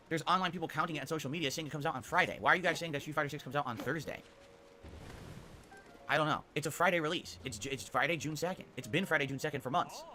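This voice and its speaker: A man's voice: a little high, sharp tone. A man, a game streamer, casually running through his streaming schedule in an upbeat, rambling way, often tagging sentences with "okay?".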